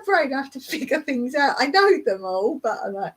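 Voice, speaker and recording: A woman's voice: high-pitched, very animated, normal speed, few pauses. A middle-aged woman from England with a Surrey accent, hosting a live chat, reading out viewer comments and answering them in a rambling, chatty way with frequent laughs and fillers. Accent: Surrey English. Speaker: YouTube channel host.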